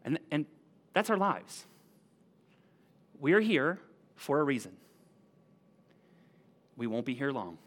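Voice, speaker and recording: Animated, conversational preacher man. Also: medium pitch, slow, pauses often. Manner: animated, conversational, asks the room "right?". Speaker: pastor. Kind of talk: sermon.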